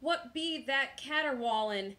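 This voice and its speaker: A woman's voice: sits high, expressive, unhurried, pushed and bright, pitched above the performer's own voice, full character voice. Woman doing a hollering pirate captain, Braidbeard. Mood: blustering. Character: loud blustering male pirate captain.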